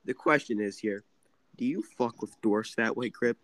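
A man's voice: medium pitch, moderate pace, fairly bright tone, no room sound. A young man hosting a podcast, announcing topics and teasing his guests with crude jokes. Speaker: podcast host. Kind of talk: casual podcast banter. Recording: noisy background hiss.

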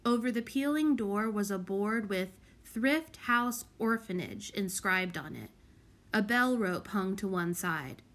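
A woman reading a children's novel aloud as an audiobook narrator, in an unhurried, clear storybook manner. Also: mid-range voice, expressive. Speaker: audiobook reader. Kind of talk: scripted narration.

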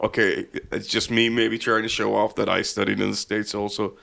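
Podcast host guy, gravelly voice, laid-back and jokey. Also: lowish voice, flat delivery, brisk, sharp tone. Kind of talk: casual chat.

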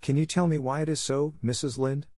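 A man's voice: on the high side, fairly even intonation, brisk, dark tone, dry recording, studio quality, voice pushed up, natural voice. A man doing an earnest, dramatic young girl. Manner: earnest, impulsive, breathless pleading. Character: eager, dramatic, talkative young orphan girl.

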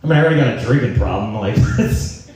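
A man with a mellow, dark-toned voice rambles and jokes about himself, cursing freely in a casual podcast chat. He sits well back from the mic in a room with heavy echo, so his voice sounds distant and boomy. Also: expressive, quick pace. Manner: profane, self-mocking, joking. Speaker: podcast host.

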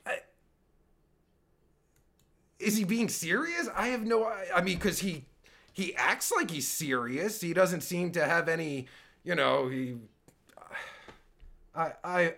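A man rants on a live stream in a high, gravelly voice. He is sarcastic and profane, trips over his words, and swings wildly up and down in pitch. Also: lively intonation, unhurried, long pauses, pushed and bright. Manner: sarcastic, stammering, swears constantly. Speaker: podcast host reacting to a clip. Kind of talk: angry profane reaction commentary.

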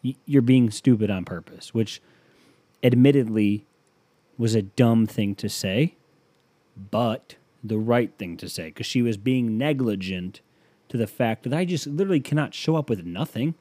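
Male podcast comic, sarcastic and profane, dark tone, dry mic. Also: mid-range voice, animated, a little slow, dry recording. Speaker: podcast host. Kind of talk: comedic monologue.

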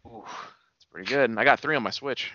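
A man's voice: medium pitch, a little fast, sharp tone, highs cut off, slight background noise. A man co-hosting a casual podcast, dryly recapping a film's plot and swearing now and then. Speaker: podcast co-host. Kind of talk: casual movie chat.

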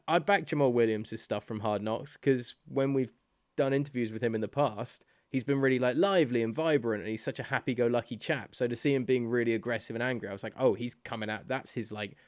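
A man co-hosting a podcast in casual, animated chat, laughing often. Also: mid-range voice, no echo, studio quality. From United Kingdom. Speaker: podcast co-host.

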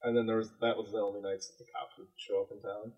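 A young man in a casual chat among friends, quick and joking. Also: fairly low pitch, flat delivery, husky, dull audio.

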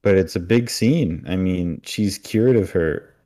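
A man's voice: low-pitched, unhurried, warm tone. A man co-hosting a podcast, casually recapping an episode and acting out characters' lines as he retells scenes. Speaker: podcast co-host.

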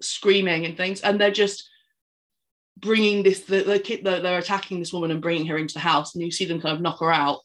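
A woman, chatting casually as a podcast co-host and retelling a film in an animated, rambling way. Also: fairly low pitch, a little fast. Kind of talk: casual chat recapping a film.

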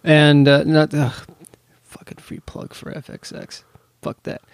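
Gravelly, rambling podcast co-host man. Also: a little high, completely flat delivery, unhurried, no echo, studio quality. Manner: rambling, casual swearing, joking asides. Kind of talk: casual chat.

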